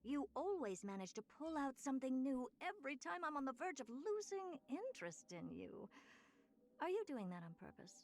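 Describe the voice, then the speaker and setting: A woman's voice: sits high, very animated, normal speed, slight background noise. A woman voicing a smug, playful young female genius in a video game, teasing and self-assured. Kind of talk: game voice acting.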